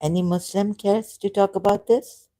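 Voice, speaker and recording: A woman's voice: medium pitch, fairly even intonation, moderate pace, mellow, low-quality recording. A woman on a live stream giving rambling, impassioned commentary, repeating herself and firing rhetorical questions at her viewers.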